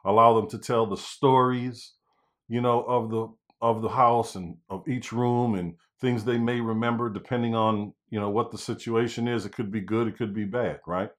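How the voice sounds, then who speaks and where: Male coach, slightly low voice, relaxed teaching talk with frequent "right?" check-ins. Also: normal speed. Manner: conversational, many "you know" and "right?" fillers. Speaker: real estate negotiation coach. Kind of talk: casual instructional talk.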